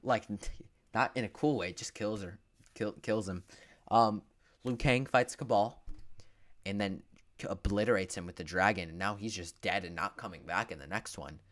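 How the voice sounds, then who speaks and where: Young man, lowish voice, crude and sarcastic, rambling movie recap, mutters then yells. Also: moderate pace. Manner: crude, sarcastic, frequent filler words, swings from muttering to yelling. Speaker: movie reviewer.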